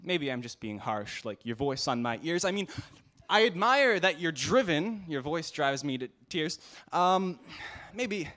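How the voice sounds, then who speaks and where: A man's voice: fairly high pitch, very animated, unhurried, fairly bright tone. A man performing a comic spoken-word poem at a slam, with a rhythmic, punning delivery and playful jabs. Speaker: slam poet. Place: university event hall.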